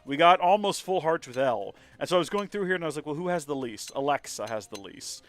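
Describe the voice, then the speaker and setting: A man's voice: on the high side, big pitch swings, quick pace. A man streaming a video game, chatting casually in a rambling, joking, self-mocking way. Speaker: let's play streamer.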